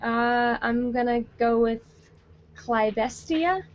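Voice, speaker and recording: A woman playing a tabletop game, giving playful, drawn-out answers. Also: on the high side, lo-fi sound. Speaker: player. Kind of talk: casual table banter.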